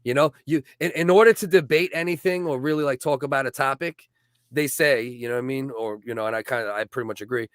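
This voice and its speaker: A man's voice: medium pitch, fast, no room sound, studio quality. A married man co-hosting a comedy podcast, chatty and agreeable, often adding "you know what I mean" as he talks things through. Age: adult. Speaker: podcast co-host. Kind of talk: casual podcast chat.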